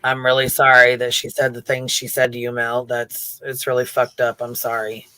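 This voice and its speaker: Male stream host, blunt and profane, smooth clear tone, dry sound. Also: mid-range voice, completely flat delivery, moderate pace, pushed and bright, dry recording, rough recording. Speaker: livestream host. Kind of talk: livestream reaction chat.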